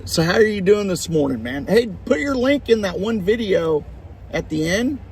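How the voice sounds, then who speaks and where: Rambling man with a lively voice. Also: high voice, moderate pace, slight background noise. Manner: laughs often, rambling with restarts. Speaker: livestream host. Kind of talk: casual chat.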